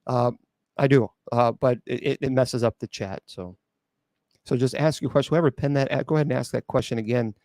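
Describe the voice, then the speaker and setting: This middle-aged host, an exorcist bishop on a live call-in radio show, talks fairly quickly in a mid-range, slightly mellow voice, with clean studio sound and no room noise. Blunt and sarcastic toward chat questions, he mocks doubters in imitated voices and restarts often, using plenty of filler sounds.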